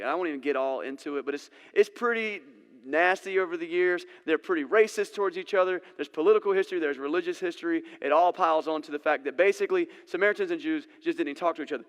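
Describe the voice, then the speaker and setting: A man's voice: a little high, a bit bright, smooth. A man preaching a sermon in a casual, conversational way, acting out the scenes he retells. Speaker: pastor. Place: church sanctuary. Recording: long church-hall reverb.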